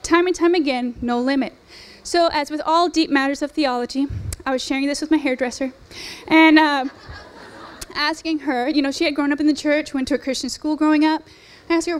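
A high-pitched woman in her forties preaches to a women's gathering. She talks in an earnest, conversational way, mixing in fillers and rhetorical questions as she shares her testimony. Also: brisk. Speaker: speaker at a women's ministry event. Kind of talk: sermon with personal testimony.

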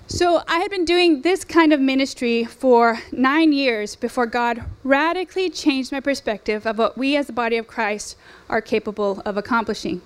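A high-pitched woman in her forties preaches to a women's gathering. She talks in an earnest, conversational way, mixing in fillers and rhetorical questions as she shares her testimony. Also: moderate pace, hardly any pauses, clean tone. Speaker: speaker at a women's ministry event. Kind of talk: sermon with personal testimony.

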